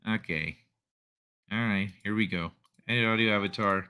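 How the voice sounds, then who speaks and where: Bright-voiced man rambling on a livestream. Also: fairly low pitch, moderate pace, clear, resonant tone. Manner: rambling, thinks aloud, frequent restarts. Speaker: livestream host. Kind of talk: casual chat reading viewer comments.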